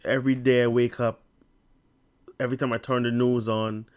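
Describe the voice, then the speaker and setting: A man vlogging casually to camera with a stutter and a lisp. He reads an article aloud in a halting way, with many restarts and tongue-tied slips. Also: mid-range voice, level tone, a little mellow, clear, resonant tone.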